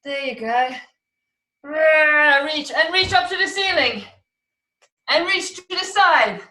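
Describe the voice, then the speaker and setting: A woman's voice: very high-pitched, lively intonation, a little slow, sharp tone. A woman teaching an online acrobatics class to children, calling out moves, counting and making animal sounds. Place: room at home, video class. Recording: echoey room, distant from the mic.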